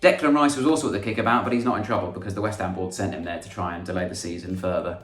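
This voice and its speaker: A man's voice: sits low, rapid-fire, fairly bright tone, recorded from a distance. Dry, sarcastic man, echoey room. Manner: dry, sarcastic delivery with mock-dramatic outbursts. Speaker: comedian host. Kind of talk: scripted comic monologue. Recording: echoey room with faint music.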